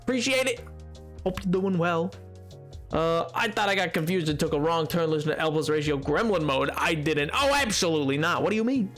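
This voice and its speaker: A young man streaming a game, chatting casually, joking and rambling, and greeting viewers with excited shouts as he reads chat. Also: a little high, brisk, soft background music. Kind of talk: casual livestream chat, reading chat aloud.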